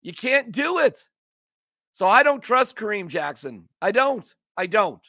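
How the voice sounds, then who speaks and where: A man hosting a sports podcast, ranting casually in an animated, emphatic, joking way. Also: high-pitched, unhurried, no echo, studio quality.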